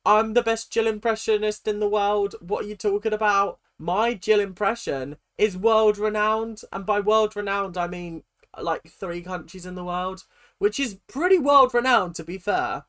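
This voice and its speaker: A woman's voice: mid-range voice, normal speed. A woman hosting a reaction video, giving sarcastic, giggly, mock-outraged commentary.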